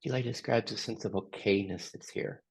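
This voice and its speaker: A man facilitating a group session, gently asking slow, open questions. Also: fairly low pitch, vocal fry, husky. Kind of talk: guided group reflection.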